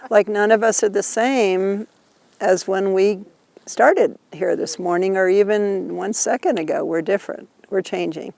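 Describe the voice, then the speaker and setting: A woman's voice: medium pitch, measured pace, gravelly, darkish tone. A woman teaching a group outdoors, explaining ideas patiently and laughing often as she talks. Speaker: Buddhist teacher leading a tour. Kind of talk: informal teaching while walking.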